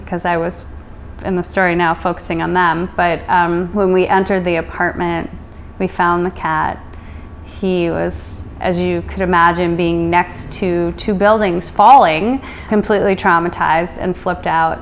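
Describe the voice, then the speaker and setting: A woman's voice: on the low side, a little hiss or hum. A middle-aged American woman telling a personal story, emotional and full of reported dialogue. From United States. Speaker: guest.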